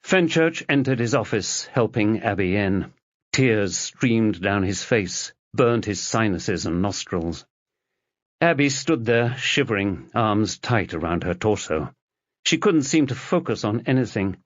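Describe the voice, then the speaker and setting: A man narrates a mystery audiobook in a slow, dramatic, expressive reading. His pitch moves a lot. The recording is dry and somewhat dull. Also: dry recording. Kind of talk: scripted narration.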